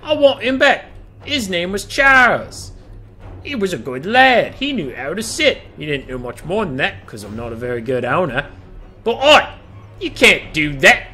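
A man's voice: high voice, sing-song, moderate pace, sharp tone, faint music behind, voice pushed up, full character voice. A man doing a squawking rowdy daemon herald. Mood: aggrieved. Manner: rowdy slangy street talk, complaining. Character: indignant male daemon herald, loud, shouty.

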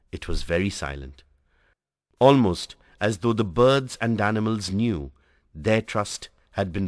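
A man teaching a class by reading a textbook story aloud in an expressive storytelling manner. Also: low-pitched, no room sound, clean studio sound. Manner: dramatic, varied storytelling delivery. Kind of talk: expressive read-aloud narration.

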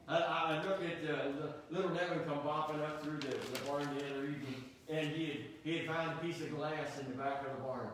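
A man's voice: a little high, fairly even intonation, a little fast. A middle-aged man preaching a sermon as pastor, earnest, asking rhetorical questions and often restarting his phrases. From United States. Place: church sanctuary. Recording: echoey church hall, distant mic, faint noise.

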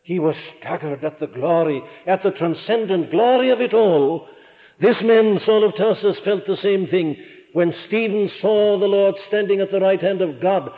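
Older Welsh preacher in an echoing hall. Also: male voice. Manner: earnest, rising to fervent emphasis then dropping low. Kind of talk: sermon. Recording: tinny archival church sermon recording with long hall reverb.

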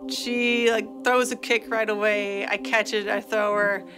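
A woman's voice: mid-range voice, level tone, measured pace, over music, poor audio. A woman recounting her past in a candid documentary interview, swearing freely and acting out her own outbursts.

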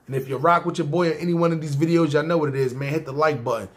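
This is a New man who narrates his own life to camera. He speaks in loose street slang and keeps checking in with "see what I'm saying." His voice sits a bit higher than most men's. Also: fairly even intonation, very fast. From New York. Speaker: YouTube storyteller. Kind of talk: casual personal storytelling.

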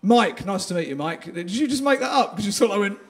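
A man's voice: high voice, big pitch swings, brisk, noisy background. A man doing a stand-up comedy set in a live venue, trading crude, self-deprecating banter with the crowd.

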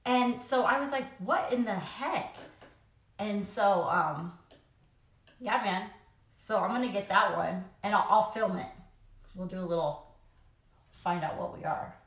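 A young woman, a vlogger and mom of three, chats casually into her phone camera at home while doing her makeup, rambling and laughing often. Her voice is medium-pitched and fairly bright, unhurried with long pauses. The room sounds echoey.

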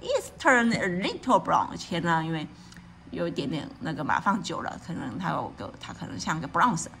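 A woman's voice: deep voice, a little fast, creaky, fairly bright tone, a little hiss or hum. A woman reading a storybook aloud to a child, explaining each page and often asking the child questions. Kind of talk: bilingual read-aloud.

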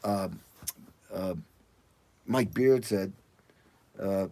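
An older man, a drummer, telling animated stories in a casual interview and acting out what people said. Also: drawn-out words, no room sound. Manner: animated, acts out quotes in loud high voices.

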